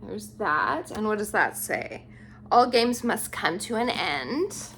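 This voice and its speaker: A woman vlogger showing off a book haul, gushing and unhurried as she admires each book aloud. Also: mid-range voice, very animated, a bit bright, a little hiss or hum. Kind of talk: casual book haul show-and-tell.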